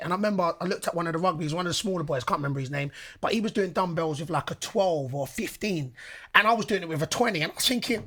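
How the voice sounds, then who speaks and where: Guy, kinda husky, higher voice, tells stories acting out all the quotes. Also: fast. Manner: animated storyteller, acts out quotes, laughs easily. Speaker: guest footballer. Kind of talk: casual podcast storytelling.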